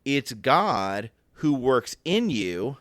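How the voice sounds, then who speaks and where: A man's voice: medium pitch, big pitch swings, drawn-out words, a bit bright, dry recording, clean studio sound. A man co-hosting a casual Bible discussion podcast, thinking aloud and acting out the questions in his head. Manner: reflective, thinks aloud with restarts and acted inner questions. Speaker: podcast co-host.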